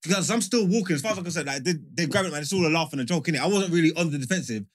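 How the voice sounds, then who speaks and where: Fast-talking man telling a story. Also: fairly high pitch. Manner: animated, repeats "you know what I'm saying". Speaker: podcast co-host. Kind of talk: casual storytelling chat.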